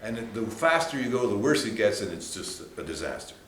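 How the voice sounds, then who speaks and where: Animated male piano teacher, echoey room. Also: fairly quick, slight background noise. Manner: animated explaining with sudden high exclamations. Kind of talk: workshop lecture with piano demonstration. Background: piano playing.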